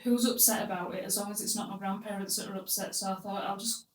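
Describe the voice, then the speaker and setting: A woman's voice: mid-range voice, steady tone, fast talker, distant mic. A young woman telling a story on a casual podcast, blunt and crude with comic timing. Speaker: podcast host. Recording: roomy, a bit off-mic.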